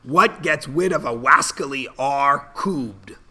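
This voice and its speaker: A bumbling cartoon hunter who lisps his r's into w's, pitched a touch higher than his usual voice, as a man puts him on for a joke in class. The tone is bright, and the delivery is unhurried. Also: breathy edge, full character voice. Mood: playful. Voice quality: turns r sounds into w. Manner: playful, mid-lesson gag.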